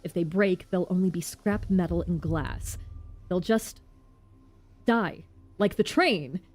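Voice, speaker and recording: A woman's voice: lowish voice, darkish tone. Woman reading as a stern young doctor. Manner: formal, measured, slightly lofty. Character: serious young male doctor, formal and stern.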